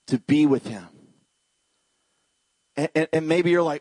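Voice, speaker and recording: Male pastor, high-ish husky voice, preaches with big emotional swings, addresses the crowd directly. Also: normal speed, long pauses, no echo. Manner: animated preaching, swings from shouted highs to hushed lows. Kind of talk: sermon.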